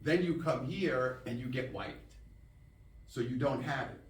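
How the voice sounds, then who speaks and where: A man in his sixties giving a casual, animated live talk to an audience as a spiritual teacher. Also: mid-range voice, a little slow. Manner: casual, storytelling, animated with laughs and acted-out quotes. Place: room with an audience. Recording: roomy echo, mic at a distance.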